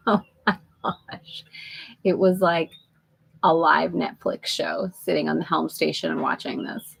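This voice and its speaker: Breathy, effusive woman chatting live. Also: on the low side, darkish tone, poor audio. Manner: chatty and effusive, laughs often, greets viewers by name. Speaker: host of a live spiritual women's group call. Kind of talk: casual live-stream chat. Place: aboard a sailboat at anchor.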